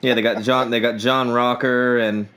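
A man's voice: mid-range voice, little pitch movement, normal speed, fairly bright tone, smooth. Rambling, jokey man on a sports podcast. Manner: rambling, jokey, frequent restarts. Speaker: podcast co-host. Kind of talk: casual sports chat.

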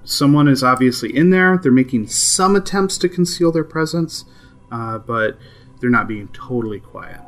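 Male game master, mid voice, relaxed and amused narration, soft music under. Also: medium pitch, moderate pace. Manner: relaxed, filler-heavy, amused.

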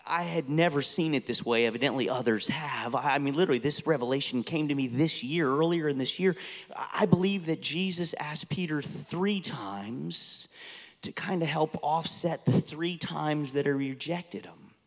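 A man's voice: on the high side, normal speed. A pastor in his fifties, born and raised in the United States, preaching an earnest sermon that rises to impassioned intensity. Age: 50s. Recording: long hall reverb.

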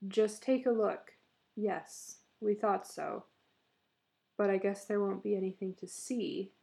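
A timid old deacon voiced by a woman reading a story speaks in a quavering, frightened voice. The tone is low and gravelly, with a mellow darkness. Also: slow pace. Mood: uneasy. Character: timid quavering elderly village deacon, male.

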